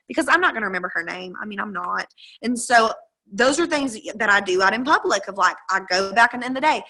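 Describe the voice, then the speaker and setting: Bright, chatty woman coaching. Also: medium pitch, lively intonation, fairly quick, rough recording. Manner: emphatic, chatty, acts out quoted dialogue. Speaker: direct-sales team leader. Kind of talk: motivational coaching talk. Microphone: video call.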